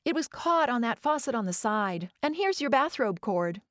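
A woman voicing a bossy, eager young girl who knows best, in a high, piping child voice. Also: big pitch swings, moderate pace, dry recording, clean studio sound. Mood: offhand. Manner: pushy, eager and matter-of-fact. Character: young girl, bossy know-it-all daughter.

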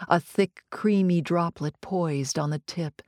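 A woman's voice: on the low side, dark tone, dry recording. Dry, close woman narrator with playful pacing. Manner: playful, savoring, teasing pauses. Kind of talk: scripted audiobook narration.

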